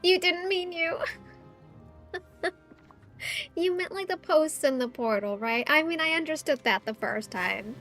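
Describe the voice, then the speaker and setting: A high-voiced woman streams a game and chats casually, giggling often and teasing her chat playfully. Faint game music plays under her voice. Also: animated, a little slow, pauses often, fairly bright tone.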